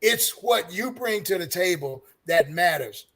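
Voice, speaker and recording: An older man with a high voice telling earnest stories as a guest on a fan roundtable. He ends up preaching a little, handing out encouragement. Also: expressive, measured pace, a bit bright, slightly rough. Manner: earnest, preachy, gives advice. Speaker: guest, longtime super fan. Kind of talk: casual storytelling.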